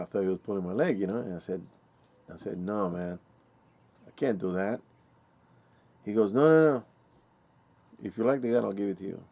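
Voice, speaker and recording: A man's voice: on the low side, gravelly, dark tone. A man casually telling a rambling story, with many fillers and restarts, acting out the quoted dialogue. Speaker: vlogger.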